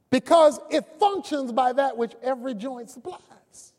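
A man's voice: very high-pitched, unhurried, hardly any pauses, darkish tone. A man preaching a sermon as pastor, emphatic and calling out key words to his congregation. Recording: long reverb of a large hall.

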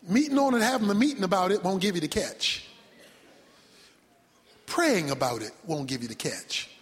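A man preaching a sermon with dramatic delivery, shouting one moment and dropping low the next. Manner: dramatic, shouting, sudden drops to near whisper. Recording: long hall reverb.

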